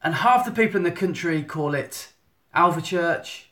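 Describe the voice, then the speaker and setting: Guy in his thirties, casual live-stream host, slightly high voice, roomy phone sound. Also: expressive, a little fast, fairly bright tone. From England. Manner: chatty, rambling, self-interrupting. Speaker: photographer giving a monthly live update. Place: indoor room at home. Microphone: phone at arm's length. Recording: echoey room on phone.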